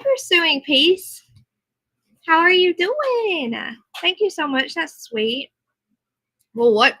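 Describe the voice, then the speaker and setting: Bright-voiced woman chatting on a livestream. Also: fairly high pitch, dry recording, poor audio. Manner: chatty, reads aloud and answers chat comments. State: tired. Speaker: livestream host. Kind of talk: casual live chat with viewers. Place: at home.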